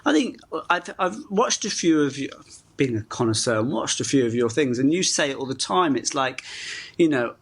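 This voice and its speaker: A man's voice: medium pitch, big pitch swings, normal speed, a bit bright, husky. Laughing, self-deprecating man from the UK. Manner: chatty, laughs through his stories, self-deprecating. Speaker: actor guest. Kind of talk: casual interview chat.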